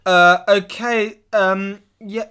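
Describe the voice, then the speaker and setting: A man with a high-pitched voice co-hosts a comedy podcast. He talks in a halting, earnest deadpan and keeps restarting his sentences. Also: clear, resonant tone. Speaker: podcast co-host. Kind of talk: deadpan improvised comedy chat.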